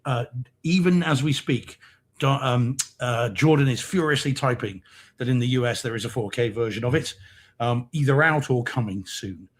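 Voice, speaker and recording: Using a remote video-call microphone, this British co-host rambles through a casual live-stream chat, full of ums and frequent laughs. His medium-pitched voice is slightly rough and moves at normal speed.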